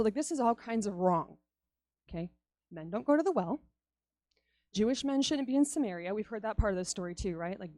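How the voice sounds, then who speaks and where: A woman's voice: mid-range voice, dark tone, dry recording. A woman giving a conversational youth sermon, chatty and laughing often as she acts out stories. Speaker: youth speaker.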